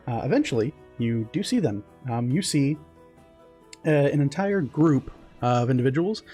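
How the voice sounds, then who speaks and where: A man's voice: mid-range voice, darkish tone. Man narrating a tabletop game. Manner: hesitant, many fillers. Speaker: game master.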